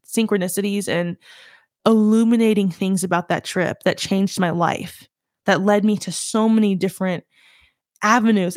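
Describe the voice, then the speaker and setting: Young woman podcaster talking it out, chatty, keeps correcting herself, mid pitch, super dry sound. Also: darkish tone, dry recording. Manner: chatty, self-correcting, emphatic advice. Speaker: podcast host. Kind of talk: casual solo talk.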